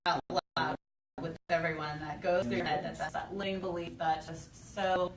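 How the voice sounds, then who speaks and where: A woman's voice: lowish voice, steady tone, normal speed, over a noisy crowd. Woman guiding a live workshop demo. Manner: instructive, guiding a volunteer step by step. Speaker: workshop presenter. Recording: echoey room, distant mic, background noise.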